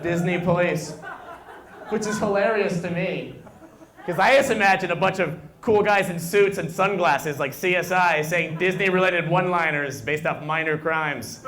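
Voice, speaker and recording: A man in his twenties doing an animated stand-up set in a bar, jumping into loud high voices for the people he quotes. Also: moderate pace. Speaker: stand-up comedian. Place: bar and grill comedy night. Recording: echoey room, stage mic. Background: audience laughter.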